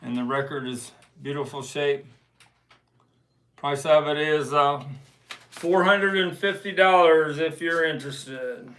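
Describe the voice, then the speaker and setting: Male livestream host, slow and deliberate record-seller patter, bright tone, faint hiss behind. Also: fairly high pitch, steady tone, poor audio. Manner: slow, unhurried collector's show-and-tell. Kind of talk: casual livestream chat. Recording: faint background noise.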